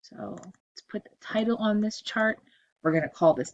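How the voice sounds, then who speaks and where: Over a screen recording, a woman with a mid-range voice teaches a spreadsheet lesson at normal speed. She gives steady, step-by-step instructions and repeats the cell ranges as she goes.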